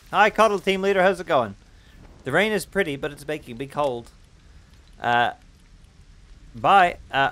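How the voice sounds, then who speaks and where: A man hosting a gaming video, giving playful, self-mocking let's-play commentary that breaks into loud excited yelps. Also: mid-range voice. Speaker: gaming channel host.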